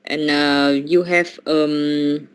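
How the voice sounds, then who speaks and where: Adult female English learner, halting, very slow short replies. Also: low-pitched, flat delivery, clean tone. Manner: hesitant, halting short answers with fillers.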